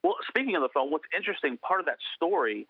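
A man speaking as an interview guest over a thin, phone-like line with no room sound, recounting a story in an earnest way. His voice sits a little high for a man, and he circles back on his words with frequent restarts and fillers. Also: sing-song, fast talker, no room sound.

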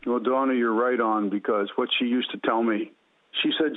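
A man's voice: medium pitch, fairly even intonation, fairly quick. A man calling in to tell an earnest personal testimony, repeating phrases as he builds the story. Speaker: caller telling his testimony. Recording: tinny phone line.

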